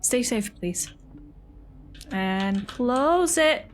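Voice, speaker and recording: A young adult woman streaming a game, chatting casually and excitably, swearing freely and thanking viewers by name. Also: a little high, extremely slow. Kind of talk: casual live-stream chatter while playing.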